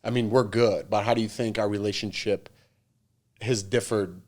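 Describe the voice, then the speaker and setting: A young adult man co-hosting a casual chat, relaxed and joking as he shares advice and stories. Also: lowish voice, moderate pace. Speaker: co-host.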